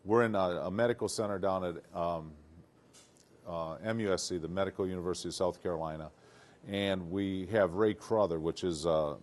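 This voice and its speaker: An older man from Detroit, a retired football player, telling stories in a casual interview, animated and acting out what people said. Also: low-pitched, a little fast, slight background noise. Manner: animated, acts out quotes, laughs often.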